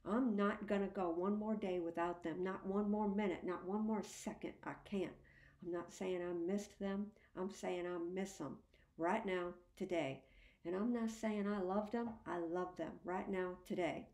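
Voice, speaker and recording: A woman reads a first-person story aloud with earnest, heartfelt feeling. Her voice sits a little low and sounds warm and mellow. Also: steady tone, unhurried, echoey room. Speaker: audiobook narrator. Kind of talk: first-person audiobook narration.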